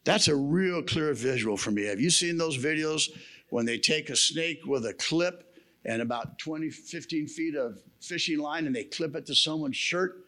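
A man's voice: on the high side, normal speed, pushed and bright. A man preaching a sermon at a men's camp, telling stories in a folksy way with humorous asides. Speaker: camp speaker.

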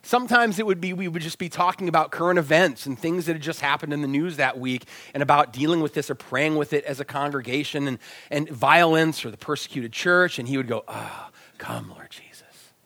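A male pastor delivering a sermon in a slightly higher voice, full of lively storytelling. He shifts his tone to act out little dialogues and can sink nearly to a whisper for a reflective line. The sound is close and dry. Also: brisk, no room sound. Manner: animated, acts out quoted dialogue, drops to near whispers. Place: church sanctuary.

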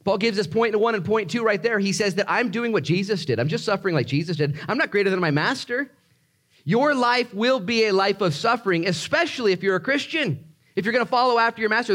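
A male pastor delivering a sermon to his congregation. His voice sits a bit higher than most men's, and he swings from hushed, slow prayer to lively, animated exclamations. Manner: animated preaching, shifts between quiet prayer and high excited exclamations.

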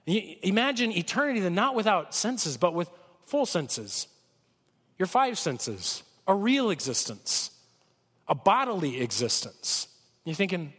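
A man preaching a sermon with a cold, talking conversationally and swinging from loud peaks to soft lows. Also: sing-song, measured pace, slightly rough, long reverb tail. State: has a cold. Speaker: pastor.

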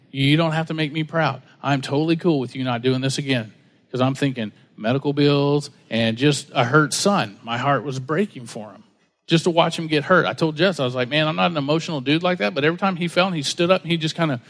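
A man preaching a sermon in a relaxed, joking storytelling way, slipping into other people's voices as he tells a story. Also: medium pitch. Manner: conversational, jokey, acts out quoted voices. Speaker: pastor.

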